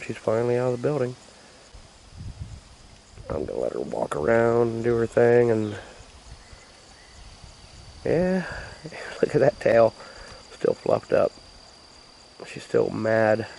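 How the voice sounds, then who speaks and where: A man's voice: mid-range voice, gravelly, mellow, slight background noise. A man in a casual, rambling vlog, laid-back and drawling, talking into a handheld camera outdoors in a rural yard. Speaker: homesteading vlogger. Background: crickets and insects outdoors.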